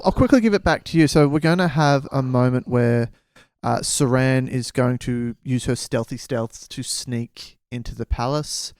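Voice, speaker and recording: A man's voice: mid-range voice, darkish tone, clear, resonant tone, no room sound. A man co-hosting a podcast, improvising a story and trading dry jokes. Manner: joking, improvising, dry quips. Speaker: podcast co-host. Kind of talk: casual chat.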